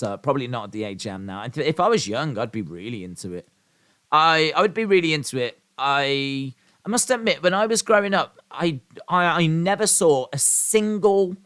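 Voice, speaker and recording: A man's voice: mid-range voice, fairly bright tone, no echo, clean studio sound. Rambling man reading chat. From English Midlands. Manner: rambling, reads out and answers chat comments. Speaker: live stream host. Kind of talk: casual live-stream chat.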